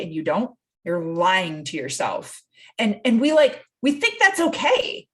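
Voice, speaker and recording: A woman coaching guest on a podcast, talking casually and quickly. She tells stories with plenty of animation and slips into the voices of the people she quotes. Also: mid-range voice. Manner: animated storytelling, acts out quotes.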